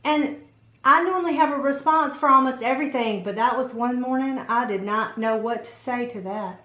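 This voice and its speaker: Animated woman telling a story, roomy echo. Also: a little high, normal speed. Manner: animated, acts out quotes in her telling. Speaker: vlogger and mom. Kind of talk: casual storytelling chat.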